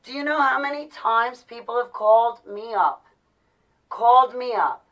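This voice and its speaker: A woman in her forties speaks straight to her viewers in a heated, exasperated monologue. She repeats herself as she pleads and complains. Her voice sits fairly high, and she is a little far from the microphone. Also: a little slow, a bit bright, highs cut off. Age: 40s. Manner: exasperated, ranting, repetitive pleading. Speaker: vlogger.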